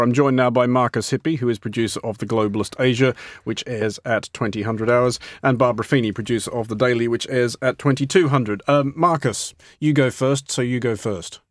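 A man's voice: medium pitch, no echo, clean studio sound. A man from Australia hosting a radio show, wry and joking with his guests. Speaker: radio host. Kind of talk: studio radio chat. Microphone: studio microphone.

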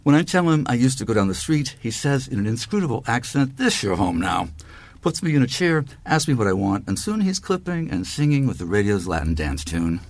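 A man reading a poem in a measured, deliberate way. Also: medium pitch, big pitch swings, a little mellow, no echo. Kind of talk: poetry reading.

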